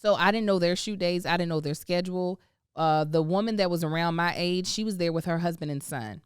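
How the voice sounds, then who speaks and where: Woman podcast host reading ads like she's just chatting, playful little asides, smooth clear voice. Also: lowish voice, a little fast, dry recording, clean studio sound. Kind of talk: casual ad reads and chat.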